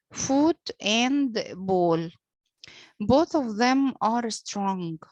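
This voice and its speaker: Woman teacher, Arabic first language, very slow lecture with many pauses and fillers, dry sound. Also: mid-range voice, no room sound. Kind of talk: lecture on poetic meter.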